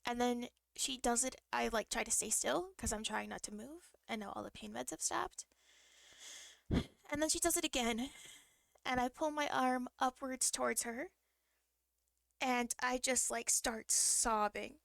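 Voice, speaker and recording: A young woman streaming live tells a personal story in a loose, rambling way, circling back with fillers and restarts. Her voice sits a little high and carries a heavy gravelly fry. The sound is close and dry, with no room around it. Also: fairly even intonation, unhurried, a bit bright, dry recording. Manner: emotional, vivid retelling. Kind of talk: casual storytelling.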